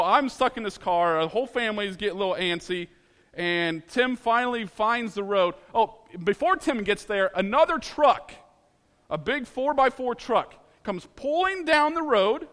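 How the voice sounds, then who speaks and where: A man from Ohio telling a personal story in an animated, dramatic way, laughing at himself as he goes. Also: extremely high pitch, measured pace, long reverb tail.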